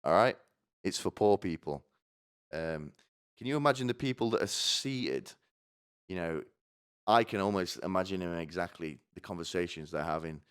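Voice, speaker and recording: A man's voice: sits low, moderate pace, pauses often, smooth. A man ranting alone on a live stream, provocative and full of asides. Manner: rambling and provocative, swearing, asking "right?". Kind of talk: solo stand-up style rant.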